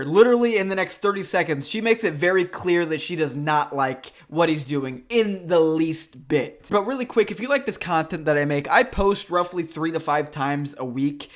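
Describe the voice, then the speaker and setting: High-voiced man doing mocking reaction commentary. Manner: mocking, animated, mimics the clip in silly voices. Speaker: YouTube commentator.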